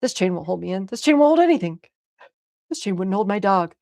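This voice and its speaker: A woman putting on a panicked young woman, babbling nonstop and cursing under her breath. The voice sits a little lower and quieter, with a gravelly catch. It sounds dry and close. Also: fairly even intonation, fast, no echo, close to an everyday voice. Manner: nervous babbling, swearing, hushed.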